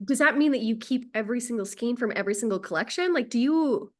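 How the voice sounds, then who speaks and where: A woman hosting a casual chat, animated and quick to laugh, acting out what her partner says. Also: fairly high pitch. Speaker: podcast host.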